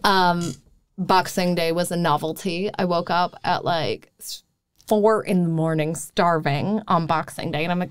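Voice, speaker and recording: A woman in her thirties from Wisconsin, a podcast guest telling her story in lively casual chat. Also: on the low side, unhurried, smooth, no room sound. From Wisconsin, USA. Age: 30s. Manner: lively, acts out quoted exchanges.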